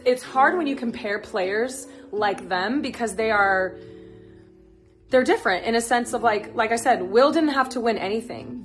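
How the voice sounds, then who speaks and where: A young woman with a fairly high voice is moving plants around inside her home while chatting on a phone livestream. Excitable and gushing, she curses freely as she raves about the players she loves.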